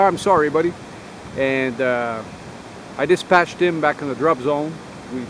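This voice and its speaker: A man's voice: fairly high pitch, fairly bright tone, poor audio. Rambling veteran man, windy outdoor take. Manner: rambling, halting, full of uh and um. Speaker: army veteran vlogger. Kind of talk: casual storytelling to camera.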